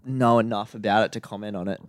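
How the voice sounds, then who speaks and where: Dry, teasing man, lowish voice. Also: fairly even intonation, fast, clear, resonant tone, dry recording. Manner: dry, teasing, short replies. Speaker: podcast co-host. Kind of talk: casual podcast banter.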